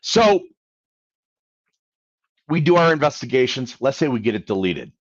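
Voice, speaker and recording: A man giving casual credit coaching on a live Q&A stream, acting out phone calls as he goes. His pitch swings widely. The audio is dull and dry. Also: normal speed, no room sound. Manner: animated, acts out phone calls.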